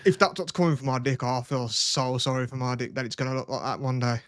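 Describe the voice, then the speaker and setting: A man's voice: medium pitch, steady tone, quick pace, fairly bright tone, dry recording. Swearing man telling stories. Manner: rambling storytelling, swears a lot. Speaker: podcast host. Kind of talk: crude casual chat.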